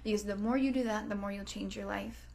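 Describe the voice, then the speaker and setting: A woman's voice: medium pitch, fairly even intonation, quick pace, gravelly, darkish tone. A woman hosting a self-help podcast, talking casually and swearing freely. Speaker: podcast host. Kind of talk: motivational self-help talk.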